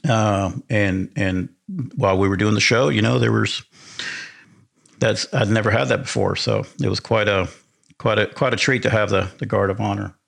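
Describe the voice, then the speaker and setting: A man's voice: on the low side, steady tone, normal speed, vocal fry, fairly bright tone. A man from Argentina, a podcast guest and sound engineer, telling a story in a rambling, enthusiastic way with many restarts. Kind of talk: casual storytelling.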